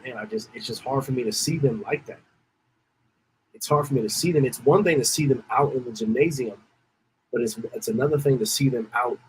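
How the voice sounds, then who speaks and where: A man's voice: mid-range voice, slight background noise, poor audio. A man hosting a podcast, telling a story in a casual, rambling way, repeating himself and holding back tears. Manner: emotional, rambling, repeats phrases. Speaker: podcast host.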